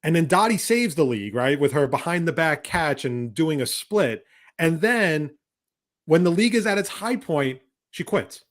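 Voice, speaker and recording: A man's voice: a little high, animated, normal speed. A man co-hosting a podcast in casual chat, ranting heatedly with profanity and exasperation. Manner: often mimics other people's voices. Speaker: podcast co-host.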